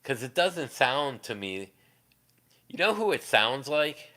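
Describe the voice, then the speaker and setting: A man chatting casually on his live stream and answering viewers in a rambling, crude way, with quick laughs and many restarts. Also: medium pitch, sing-song, bright, forceful tone.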